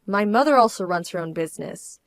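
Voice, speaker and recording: An actress playing a young bride-to-be who answers her fiancé in a firm, measured, indignant way. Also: medium pitch, lively intonation, no echo, lightly acted. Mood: cold. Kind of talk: dramatized story voice acting.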